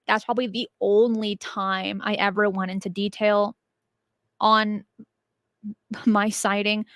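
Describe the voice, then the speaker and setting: A young woman hosts her channel, answering viewer questions in a casual, animated chat and laughing easily. Her voice sits in the mid range, recorded with studio quality and no room sound.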